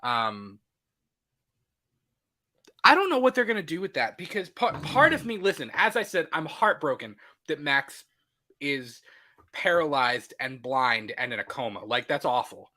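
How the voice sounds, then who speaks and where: A man co-hosting a casual movie podcast, talking excitedly and acting out his own reactions. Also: a little high, measured pace. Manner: animated, excitable, acts out reactions. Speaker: podcast co-host. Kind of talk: casual movie review chat.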